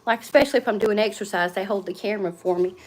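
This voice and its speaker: A woman's voice: mid-range voice, rapid-fire. A middle-aged woman, chatting rambly and laughing often as she films herself around her home and yard. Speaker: vlogger. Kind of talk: casual livestream chat. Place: home and yard, outdoors at times.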